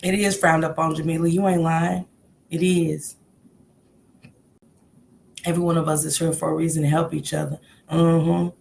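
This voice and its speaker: A woman's voice: deep voice, level tone, normal speed, creaky, long pauses, darkish tone, slight background noise. A woman hosting a casual livestream, talking heartfelt and encouraging as she greets viewers in the chat by name. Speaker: livestream host.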